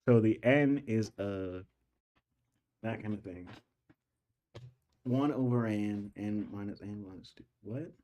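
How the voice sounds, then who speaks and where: Dark-voiced young man puzzling aloud. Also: fairly low pitch, slow pace, long pauses. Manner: puzzled, thinking aloud, repeating questions. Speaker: student studying calculus on stream. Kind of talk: casual study stream.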